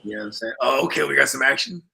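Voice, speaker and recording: A man's voice: medium pitch, lively intonation, very fast, gravelly, pushed and bright. A young man co-hosting a podcast, talking sports in loose, profane, rambling banter. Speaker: podcast co-host. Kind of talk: casual sports chat.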